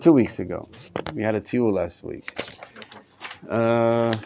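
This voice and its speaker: A man's voice: fairly low pitch, slow pace, dark tone, a little hiss or hum. A middle-aged man, a rabbi, teaching a live class to students in a study hall, often repeating words as he thinks aloud. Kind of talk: live Torah class lecture.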